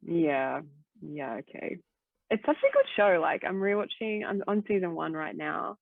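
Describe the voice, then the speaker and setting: A woman's voice: fairly low pitch, sing-song, measured pace, vocal fry, dry recording. A woman guest chatting casually on a podcast, rambling with lots of "like" fillers and casual swearing. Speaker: guest co-host. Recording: tinny phone-like line, dry.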